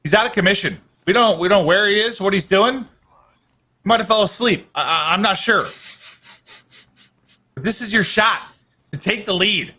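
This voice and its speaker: A man's voice: sits high, normal speed, long pauses, bright, forceful tone, breathy edge. A man co-casting a live esports event, joking and teasing his partner between calls. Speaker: esports co-caster.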